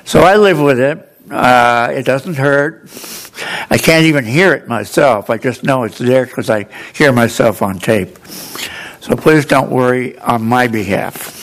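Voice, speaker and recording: Slow-talking man with a speech defect. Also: medium pitch, rough recording. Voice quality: altered articulation from a speech defect. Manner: earnest, gently humorous. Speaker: lay reader in church. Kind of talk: slow storytelling and reading aloud.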